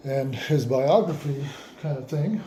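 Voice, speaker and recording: A man's voice: mid-range voice, measured pace, dark tone, slight background noise. A man telling a long personal story in a casual, rambling way, often restarting his sentences. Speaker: vlogger.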